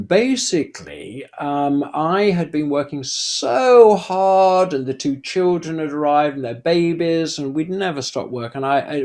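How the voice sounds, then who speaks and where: An older man spins an anecdote for a documentary camera, his pitch rising and falling freely as he talks. He slips into the voices of the people in his story, always the animated raconteur. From Britain. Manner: lively anecdotal storyteller who acts out dialogue. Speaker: retired theatre performer interviewee.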